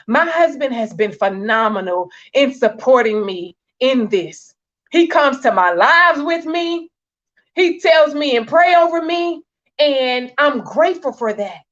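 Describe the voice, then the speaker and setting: A woman's voice: fairly high pitch, fairly bright tone. Earnest woman exhorting wives, lo-fi sound. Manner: earnest, exhorting, repeats phrases for emphasis. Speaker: marriage coach. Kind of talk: faith-based talk to wives.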